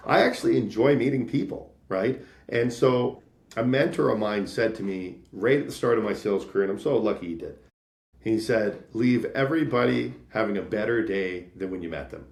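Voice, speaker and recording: A man in his thirties from Canada, a sales leader telling stories in a casual interview, animated and acting out quoted voices. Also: mid-range voice, gravelly, roomy sound. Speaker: podcast guest, sales leader.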